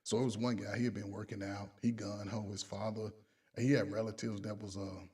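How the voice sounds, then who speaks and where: A man's voice: lowish voice, flat delivery, fairly quick, darkish tone, breathy edge, distant mic. A man, a coach, casually telling profane stories, laughing along and quoting other people in his own voice. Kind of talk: casual storytelling.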